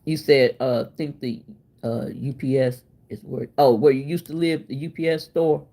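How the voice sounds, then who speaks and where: A woman hosting a casual cooking livestream, chatty and expressive, laughing and answering her viewers while she cooks in her home kitchen. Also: very deep voice, moderate pace. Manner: chatty and expressive, laughing and talking back to chat. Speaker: livestream host.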